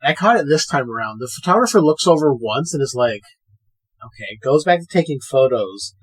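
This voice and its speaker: A man co-hosting a podcast in a casual chat, recapping a film in an animated way, acting out the characters' lines and swearing freely. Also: medium pitch, a little fast, breathy edge. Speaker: podcast co-host.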